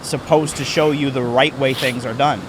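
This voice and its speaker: Calm man asking measured questions. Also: medium pitch, background noise. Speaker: podcast co-host. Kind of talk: candid podcast conversation.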